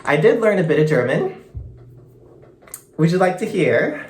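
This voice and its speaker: A man's voice: on the high side, very animated, measured pace, darkish tone. A young man from Canada chatting casually in a vlog, gushing and bubbly, full of "like" fillers. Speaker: vlogger. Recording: echoey room.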